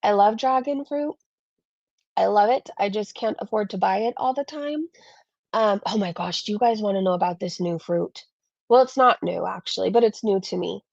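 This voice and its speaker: Gravelly, chatty woman streamer. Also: mid-range voice, moderate pace, dry recording, highs cut off. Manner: chatty, rambling and animated. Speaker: commentary channel host. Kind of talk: casual live-stream commentary.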